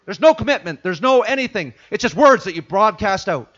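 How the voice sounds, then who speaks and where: Animated, high-pitched preaching man. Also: fairly quick, lo-fi sound. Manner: acts out congregants' inner voices in sudden hushed drops. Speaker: pastor. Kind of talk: sermon.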